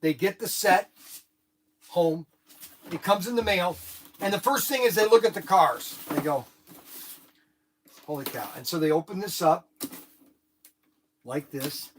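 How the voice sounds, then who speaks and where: A middle-aged man who owns a hobby shop, telling an animated, rambling story to the camera with lots of restarts. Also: high-pitched, unhurried, long pauses, slight background noise. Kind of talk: casual talk to camera.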